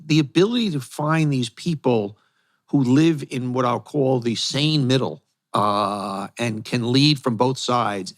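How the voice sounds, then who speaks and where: A man with an American accent hosting an interview, asking long questions with halting restarts. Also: medium pitch. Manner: halting, restarts, searching for words. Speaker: podcast host.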